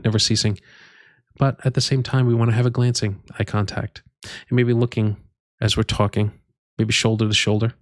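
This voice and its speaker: A man presenting career advice in an unhurried, measured way, with frequent fillers and restarts. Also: lowish voice, no echo, studio quality. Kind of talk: instructional talk to camera.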